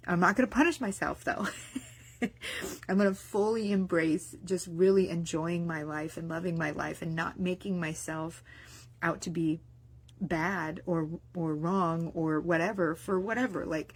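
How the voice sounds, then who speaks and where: Breathy woman, rambling vlog monologue. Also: on the low side, normal speed. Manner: rambling, with many restarts and fillers. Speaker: mindset vlogger and business owner. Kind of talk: casual spoken diary monologue.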